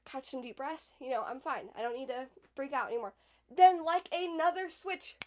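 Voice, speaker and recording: A woman's voice: high-pitched, normal speed. A young woman telling a personal story in a casual vlog, chatty and full of "like," with emphatic bursts. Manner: chatty, fills speech with "like", emphatic swings in loudness. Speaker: podcast host.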